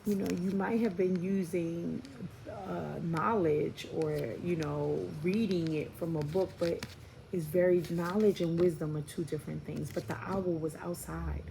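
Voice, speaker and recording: Gravelly-voiced woman giving a tarot reading. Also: deep voice. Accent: New York. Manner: heartfelt, preachy, addresses viewers as y'all and baby. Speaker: tarot reader. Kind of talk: spiritual tarot reading to viewers. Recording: noisy home recording.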